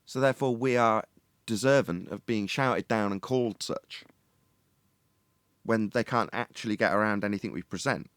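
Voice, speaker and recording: A man's voice: fairly low pitch, normal speed, a bit bright, clear, resonant tone, dry recording, clean studio sound. A man in casual debate chat, arguing at length and mocking opposing views. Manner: argumentative, mocking impressions of opponents.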